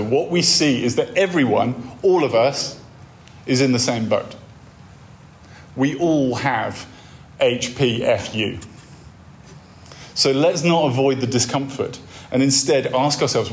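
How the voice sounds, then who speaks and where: A man delivers a talk on a faith course in a wry, conversational storytelling manner. His voice sits at an ordinary middle pitch, and he draws listeners in with imagined scenes and dry asides. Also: unhurried. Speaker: course speaker.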